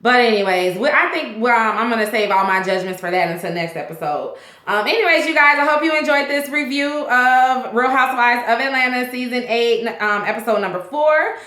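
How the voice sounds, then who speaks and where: A chatty woman vlog host recaps a TV episode in a loose, rambling way, full of ums and restarts. Her voice is bright and sits a little high. The sound comes from a roomy, echoey space. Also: lively intonation, fairly quick. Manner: chatty, rambling, many fillers. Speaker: TV show reviewer, vlog host.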